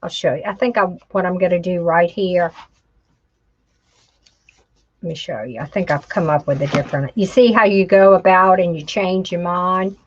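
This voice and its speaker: A woman's voice: lowish voice, fairly quick, hardly any pauses, lo-fi sound. A woman teaching a live crafting tutorial, chatting to herself as she works and calling her viewers "y'all". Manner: chatty, talks to herself while working, says "y'all". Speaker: craft instructor.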